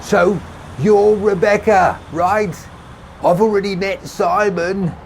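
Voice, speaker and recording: A man doing a shifty Cockney chancer who drawls and hollers to be heard. The voice jumps far above the reader's own, loud and strained in this audiobook scene. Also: sits high, fairly even intonation, moderate pace, a little hiss or hum, pitched above the performer's own voice, close to an everyday voice. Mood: shouting. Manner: yelling, drawling. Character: Cockney man, shifty and eager, shouting over traffic.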